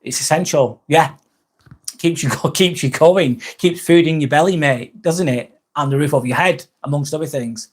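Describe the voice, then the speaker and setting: A man's voice: on the high side, normal speed, slightly rough. Candid English man on a live stream. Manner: candid, rambling, reads viewer comments aloud. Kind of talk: casual live-stream chat.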